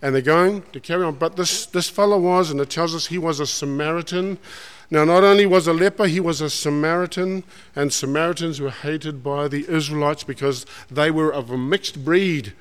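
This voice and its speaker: A man preaching a sermon in an animated, colloquial storytelling style. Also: on the high side, moderate pace, clean tone. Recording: long hall reverb.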